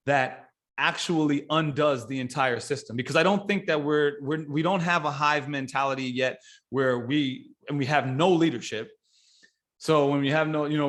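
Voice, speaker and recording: A man talking casually as a podcast guest, blunt and swearing freely, rambling with restarts and building into lively everyday examples. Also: medium pitch. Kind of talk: casual conversation.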